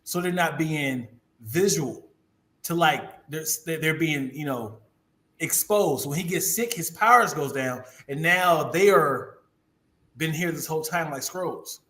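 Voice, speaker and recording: Halting man co-hosting a podcast. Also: on the high side, expressive, fairly bright tone. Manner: halting, searches for words. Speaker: podcast co-host. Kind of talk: casual chat.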